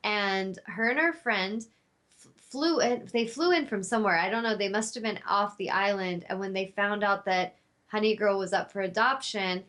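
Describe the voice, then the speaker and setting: A woman who hosts her own talk show tells a personal story in a medium-pitched, fairly bright voice at normal speed. Her telling is heartfelt and spiritual, rambling a little with fillers.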